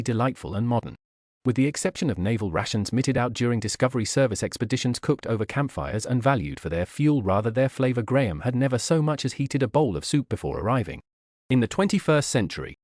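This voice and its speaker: Lively male audiobook narrator, dry sound. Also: no echo. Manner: voices characters with shifts in pitch. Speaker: audiobook reader. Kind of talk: scripted narration.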